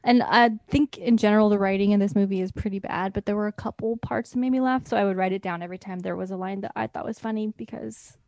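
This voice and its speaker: A woman's voice: medium pitch, fairly even intonation, fast talker, creaky, hardly any pauses, a little mellow, no echo, highs cut off. A woman chatting casually over a video call about a film, laughing often and acting out the characters' lines. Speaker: movie reviewer. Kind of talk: casual chat reviewing a film.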